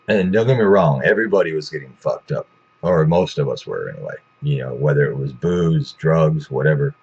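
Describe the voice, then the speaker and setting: A man's voice: low-pitched, darkish tone, breathy edge, muffled recording. A man telling a rambling, profane story in a casual way, with lots of restarts.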